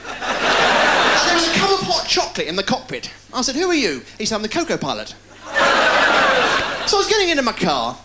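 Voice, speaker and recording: A man doing stand-up, firing off deadpan one-liners and puns. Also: very high voice. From England. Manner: rapid-fire deadpan puns with quick delivery. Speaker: stand-up comedian. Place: live TV studio with a laughing audience. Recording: loud crowd laughter, noisy 1990s TV broadcast.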